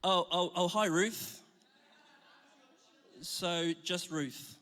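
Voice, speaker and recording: A man's voice: high voice, steady tone, very slow, pauses often, sharp tone. A man giving a chatty, joking sermon to a church, telling stories with self-deprecating humour. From Scotland. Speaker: church speaker. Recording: reverberant hall.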